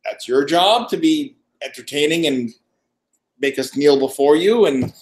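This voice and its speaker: Brief: male co-host, slightly high voice, animated storyteller who acts out the dialogue in a casual chat. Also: a little slow. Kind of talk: casual chat on a live stream. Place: wine shop after hours, dim lighting.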